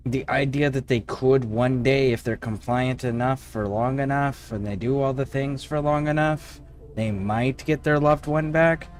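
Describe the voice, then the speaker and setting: A man streaming a video game, chatting casually with viewers, swearing freely and thinking out loud while he plays. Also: medium pitch, steady tone, unhurried, slight background noise. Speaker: livestreamer. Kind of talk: casual gaming livestream chat.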